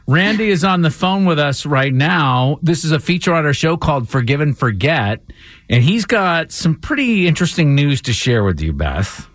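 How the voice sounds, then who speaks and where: A man hosting a morning radio show, with upbeat, brisk banter and announcements. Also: on the high side, sing-song, a bit bright, no echo, studio quality. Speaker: radio host. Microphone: studio mic.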